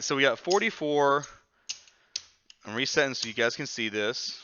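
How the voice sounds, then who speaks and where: A man hosting a craps strategy video, talking through his bets roll by roll in a jokey, excitable way with sudden loud exclamations. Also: mid-range voice, normal speed, highs cut off, a little hiss or hum. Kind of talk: live play-by-play craps tutorial.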